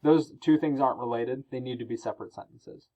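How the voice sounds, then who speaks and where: A man teaching a recorded grammar lesson, explaining each rule patiently and reading his example sentences aloud with clear pauses. His voice sits at a middle pitch. The audio is a little dull and lo-fi. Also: mellow.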